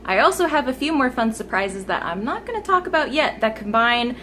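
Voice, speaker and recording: A woman's voice: fairly high pitch, sing-song, brisk, sharp tone. Young woman, gaming vlogger, upbeat and chatty, close smartphone mic, faint hiss. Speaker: gaming YouTuber. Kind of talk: informal channel update vlog. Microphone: smartphone camera mic held close.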